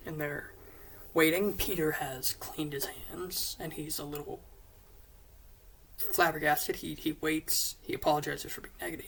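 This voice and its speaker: A woman casually retelling an episode pitch, rambling with quick asides and swearing, in a whispery, gravelly voice. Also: a bit bright, slight background noise, poor audio. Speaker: fan pitch presenter.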